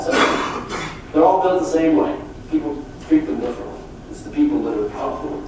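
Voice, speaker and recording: A middle-aged man giving a motivational sales talk at a conference, telling folksy, animated stories. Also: a little high, brisk. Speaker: sales trainer speaking at a conference. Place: conference hall. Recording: echoey hall from far off with faint noise.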